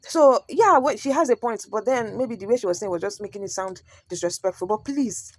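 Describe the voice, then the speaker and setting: Nigerian lady reacting to a clip, chatty, drops into pidgin, talks quick. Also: medium pitch, dry recording. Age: adult parent. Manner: chatty, mixes pidgin, storytelling. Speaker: reaction video host. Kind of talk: casual reaction commentary.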